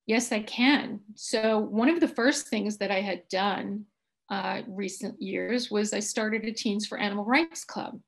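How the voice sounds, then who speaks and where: A woman who teaches high school, giving a steady, methodical account of her classroom activities on a panel. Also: a little slow, gravelly. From United States.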